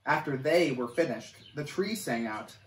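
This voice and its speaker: A man reading a chapter of a children's story aloud, with an animated, expressive delivery. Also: medium pitch, normal speed, distant mic. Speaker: camp coordinator reading a story. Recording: echoey room, voice off-mic.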